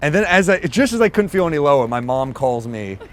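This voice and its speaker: A man's voice: a little high, big pitch swings. A man doing stand-up, telling a story on stage and acting out the voices of the people in it. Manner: quick asides, acts out quoted voices. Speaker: stand-up comedian. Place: stage before a live audience. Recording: live show with crowd noise.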